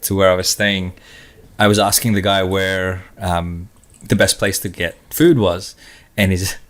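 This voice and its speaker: A man's voice: sits low, flat delivery, measured pace, fairly bright tone. A man co-hosting a podcast, chatting casually and laughing through his stories. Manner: laughs while telling stories. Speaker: podcast co-host. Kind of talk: casual chat.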